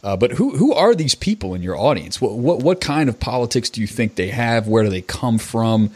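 A man's voice: mid-range voice, big pitch swings, a little fast, a little mellow, breathy edge. A man hosting a podcast interview, laid-back and agreeable as he asks loose, conversational questions. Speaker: podcast host.

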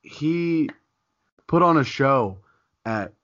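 A man's voice: fairly high pitch, animated, extremely slow, fairly bright tone. A man hosting a podcast in casual chat, rambling and often breaking off mid-thought with a laugh. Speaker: podcast host. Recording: dull lo-fi podcast audio.

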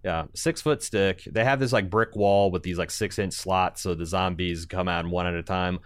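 A man with a very low, smooth, resonant voice, chatting casually as a podcast co-host. He talks in a laid-back, hesitant way, recorded close and dry. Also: fairly even intonation, normal speed, dry recording. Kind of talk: casual chat.

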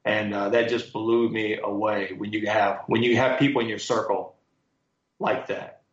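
A man being interviewed as a guest speaker, telling lively stories and quoting others with emphasis. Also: on the low side, moderate pace. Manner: animated storyteller, quotes others with emphasis. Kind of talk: storytelling interview answers. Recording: echoey, muffled sound.

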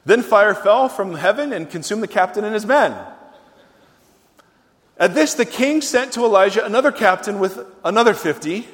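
Male preacher, high voice, chatty and wry, keeps asking the congregation questions. Long hall reverb. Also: expressive, normal speed, fairly bright tone. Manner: conversational, asks the audience questions, wry humor. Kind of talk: sermon.

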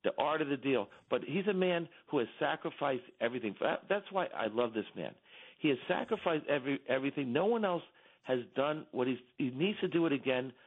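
A man's voice: lively intonation, brisk. A man calling in as a radio guest, talking emphatically and repeating himself as his voice climbs when he gets stirred. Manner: emphatic, repetitive, rising in pitch when stirred. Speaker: company executive, radio guest. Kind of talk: impassioned call-in commentary. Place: home in Texas. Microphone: phone. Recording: tinny phone line.

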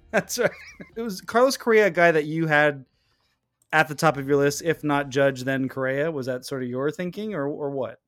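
A man's voice: a little high, moderate pace, fairly bright tone, dry recording, studio quality, soft background music. A man hosting a casual sports podcast, rambling and correcting himself with frequent laughs. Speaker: podcast host.

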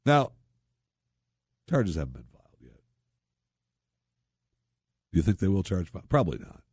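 Sarcastic deep-voiced talk radio host. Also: male voice, measured pace, husky, dry recording, studio quality. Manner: sarcastic, mocking, animated asides. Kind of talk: opinion talk radio monologue.

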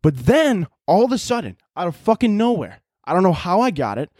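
A man's voice: high voice, fairly quick, dry recording, studio quality. Profane, laughing young man on a podcast. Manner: profane, laughing, animated storytelling. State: out of breath. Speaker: podcast host. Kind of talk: casual solo podcast rant.

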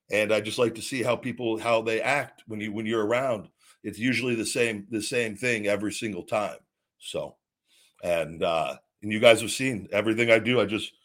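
A man's voice: on the low side, normal speed, fairly bright tone. A middle-aged man hosting his own talk show, telling a story in a blunt, profane, rambling way and acting out what others said. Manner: quotes others in retold dialogue. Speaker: host. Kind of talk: casual solo talk.

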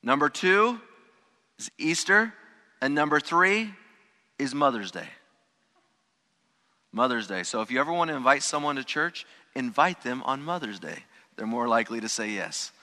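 A man's voice: medium pitch, very animated, moderate pace, long pauses, sharp tone, big-room sound. A man preaching a sermon as pastor, emphatic, stressing key words and repeating phrases for weight. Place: church sanctuary.

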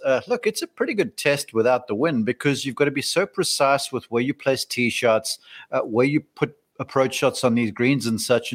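A man of mid-range pitch talks golf in a loose, easygoing manner, pausing and restarting often. He sounds like a regular analyst chatting with a co-host. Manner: relaxed, rambling, many fillers and restarts. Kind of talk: casual golf analysis chat.

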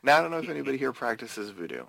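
A man's voice: medium pitch, sing-song, racing, vocal fry, fairly bright tone, no room sound. A man hosting a casual podcast about a movie, who recaps the plot loosely, with hesitations and frequent laughter. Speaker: podcast host. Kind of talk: casual movie-discussion chat.

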